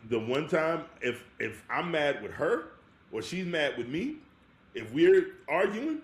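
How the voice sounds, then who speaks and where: A married man co-hosting a podcast, telling lively stories in casual chat and laughing often. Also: on the high side, slow. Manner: animated storyteller, laughs often. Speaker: podcast co-host. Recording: echoey room with faint hiss.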